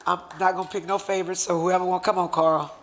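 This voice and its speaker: A man's voice: high voice, flat delivery, fast, a little hiss or hum. A man giving an impassioned, emotional speech at a luncheon, speaking in a fervent, conversational way as he presents a certificate.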